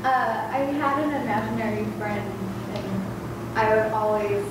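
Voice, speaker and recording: A woman's voice: fairly high pitch, moderate pace. A young woman student sharing a story in class, hesitant, with many fillers. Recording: far from the mic, very echoey, noisy.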